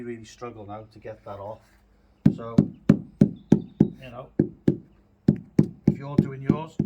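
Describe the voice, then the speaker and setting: A down-to-earth builder talks viewers through the job in a chatty, easygoing way, naming them as he goes. He is recorded outdoors on site, with clear background noise running under his voice. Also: mid-range voice. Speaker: building contractor presenting. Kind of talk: casual on-site how-to talk.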